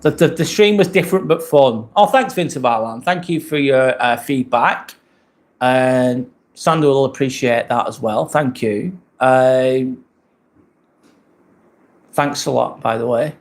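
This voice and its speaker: A man's voice: mid-range voice, a little slow. A British man hosting a casual live stream, chatting loosely and thanking viewers as he reads their comments. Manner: relaxed, rambling, thanks viewers often.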